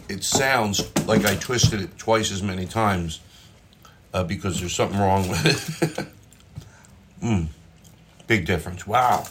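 A man's voice: on the low side, fairly bright tone, slight background noise. A man casually chatting about his cooking as he eats, rambling and joking in a home kitchen, recorded on a propped-up phone. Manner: rambling, self-interrupting, jokey. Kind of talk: casual food chat while cooking and eating.

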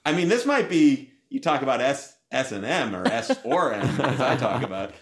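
A man's voice: medium pitch, sing-song, moderate pace, echoey room. Middle-aged guy joking around on a podcast, voice bouncing all over, silly and self-mocking. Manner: playful joke-teller, self-deprecating. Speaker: podcast co-host. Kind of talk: casual comedy chat.

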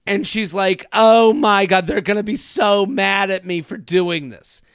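A man in his thirties hosting a podcast, telling a comedic story in an animated way and acting out other people's lines. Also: sits high, slow pace, clear, resonant tone, no room sound, studio quality. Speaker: podcast host. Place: studio.

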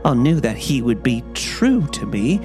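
A man reading an audiobook, voicing a cringing, panicked young male thief with a crackling voice who begs in a high, strained tone. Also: big pitch swings, measured pace, music in the background. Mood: confessing. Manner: begging, high-strung, voice leaping upward. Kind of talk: audiobook character voice.

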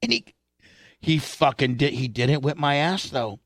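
A man's voice: mid-range voice, normal speed, dry recording, studio quality. A man hosting a talk show, telling a rambling, profane childhood story full of restarts. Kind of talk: casual storytelling.

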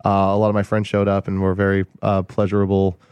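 A man's voice: deep voice, monotone, fast, darkish tone, smooth, no room sound, dull audio. A man co-hosting a casual comedy podcast in a radio studio, telling rambling stories and slipping into impressions of friends. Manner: rambling storyteller who slips into impressions. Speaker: podcast co-host.

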